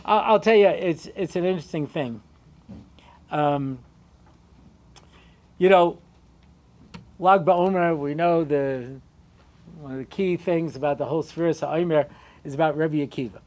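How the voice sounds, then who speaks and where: Man, rabbi, storytelling lecture, chatty asides, pitch and volume swing up and down. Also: measured pace, long pauses. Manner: conversational, many asides and "you know"s; animated, shifting pitch and loudness.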